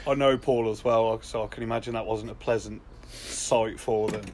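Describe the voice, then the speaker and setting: A young man, co-hosting a podcast and chatting casually with upbeat, brisk updates. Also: on the low side, fairly even intonation, darkish tone, a little hiss or hum. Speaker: podcast co-host. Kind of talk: casual chat.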